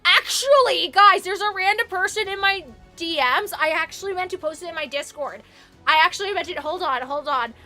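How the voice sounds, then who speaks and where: A woman's voice: extremely high pitch, fairly quick, sharp tone, faint music behind. A young woman chatting casually on a live stream, thanking viewers, with lots of fillers and idle humming.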